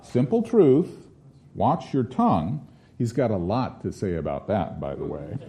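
A man preaching a sermon, reading scripture aloud with forceful declamation and talking it through in between. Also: fairly low pitch, very animated, measured pace.

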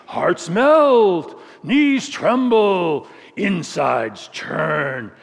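A man putting on the voice of a deep-voiced male movie trailer announcer, slow and booming. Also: big pitch swings, gravelly, in a large hall, heavily acted. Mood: ominous. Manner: slow, booming dramatic delivery.

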